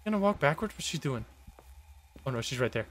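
A man streaming a horror game live, reacting jumpily with excitable, swearing commentary. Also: medium pitch, brisk, slight background noise.

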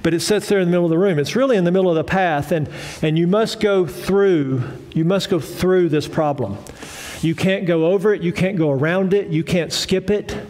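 A male pastor preaches a sermon conversationally yet emphatically, repeating phrases for weight and putting questions to the congregation. His voice is high, brisk, and a bit dark in tone.

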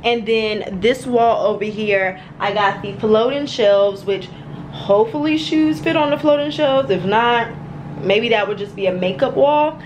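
Vlogger woman, twenties, chatty, full of asides, somewhat high voice, faint noise behind. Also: dull audio. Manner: chatty, lots of "like" and quick asides. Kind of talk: casual home vlog chat. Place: at home, indoors.

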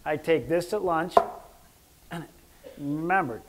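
A man giving a casual health lecture as a doctor, joking and rambling, clearing his throat often. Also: on the high side, takes it slowly, very noisy.

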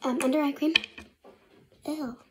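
Young girl vlogging her skincare, high voice, rambly half-whispers, noisy background. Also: steady tone, unhurried. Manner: chatty, rambling, often half-whispering to herself. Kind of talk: casual get-ready-with-me vlog.

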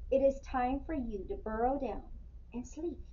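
A woman voicing a slow, muttering turtle in a storybook read-aloud. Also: high-pitched, dark tone, slight background noise, close to an everyday voice. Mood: plodding. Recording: muffled, distant mic with faint ambience.

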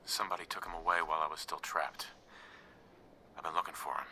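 A weary survivor in a video game, with an extremely deep voice and a very bright, forward edge. He speaks quietly and heavily, as if worn down. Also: little pitch movement, fast talker, slight background noise, heavily acted. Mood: somber. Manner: subdued, quiet, heavy-hearted. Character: weary male survivor woken from long cryo-sleep. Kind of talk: game character dialogue.

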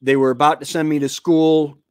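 A man in his fifties hosts a homestead live stream, chatting casually and rambling with plenty of fillers and restarts. His voice is fairly high and a little mellow, his delivery flat and slightly quick. Although picked up by a computer mic on the stream, the recording sounds dry and clean, like a studio.

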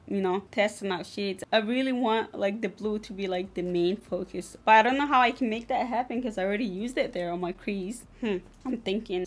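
A young woman vlogging a casual makeup tutorial, chatting to her viewers and breaking into excited exclamations. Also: medium pitch. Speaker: beauty vlogger.

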